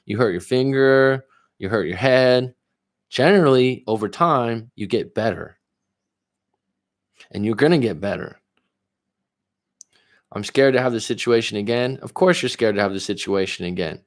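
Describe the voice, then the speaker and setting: A man coaching viewers on a livestream, reading their comments aloud and answering them bluntly, with frequent swearing. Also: mid-range voice. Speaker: relationship coach.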